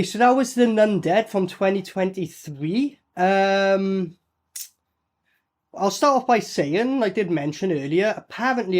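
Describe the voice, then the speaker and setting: A man reviewing a low-budget horror film in a blunt, sweary, mocking way. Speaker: movie reviewer. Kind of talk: casual reaction commentary.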